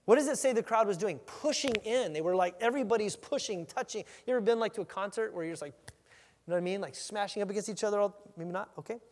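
A man's voice: high voice, fast talker. A man preaching a conversational sermon, acting out the scene as he teaches. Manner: animated, conversational, acts out the scene. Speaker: pastor. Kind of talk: expository sermon. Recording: long hall reverb.

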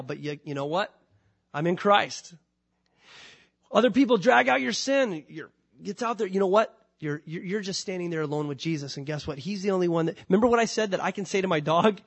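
A man preaching a sermon in an animated, conversational way, asking his listeners questions and swinging from loud rises to soft drops. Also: sits high, a little fast. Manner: conversational, asks the congregation questions. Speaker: pastor.

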